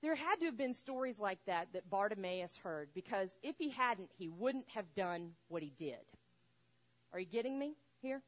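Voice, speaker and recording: A woman preaching a sermon, retelling a story with lively acted-out voices. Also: mid-range voice, moderate pace. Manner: animated, acts out voices in the story. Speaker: pastor.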